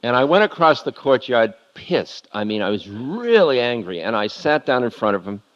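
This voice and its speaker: A man's voice: medium pitch, big pitch swings, moderate pace, a bit bright, highs cut off. Candid man telling a story at a lecture. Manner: candid confessional storytelling, laughing at himself. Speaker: spiritual lecturer.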